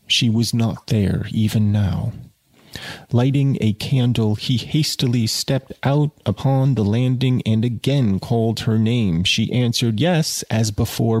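A man's voice: fairly low pitch, a little mellow, no room sound. A man reading a novel aloud and breaking off for wry, conversational commentary.

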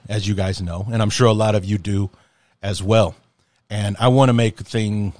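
A man with a fairly low voice talks straight into the mic in a dry, close recording. His casual solo podcast talk is impassioned and rambling, full of restarts, with the odd curse thrown in. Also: a little mellow, no room sound. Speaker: podcast host.

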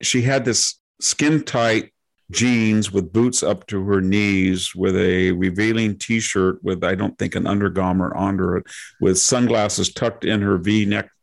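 Man, low gravelly voice, podcast co-host, conversational storytelling, measured delivery. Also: fairly even intonation.

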